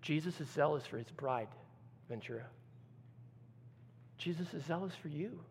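A man preaching a sermon as pastor, dramatic, swinging from loud outbursts to hushed near-whispers as he acts out quoted voices. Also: a little high, moderate pace, gravelly, slight background noise. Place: church sanctuary. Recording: long hall reverb.

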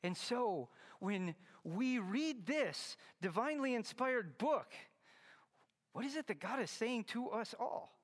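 A man's voice: very high-pitched, lively intonation, slow pace, in a large hall. A man preaching a Christmas sermon, earnest and teaching, pressing hard on key words. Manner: earnest, teaching, rising to emphatic stresses. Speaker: pastor.

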